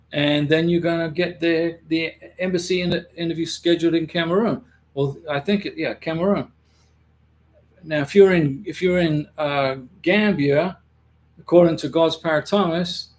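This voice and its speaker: A middle-aged man hosting a casual livestream from home, reading viewer comments and rambling with frequent restarts and repeated words. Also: fairly high pitch. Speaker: livestream host giving immigration advice.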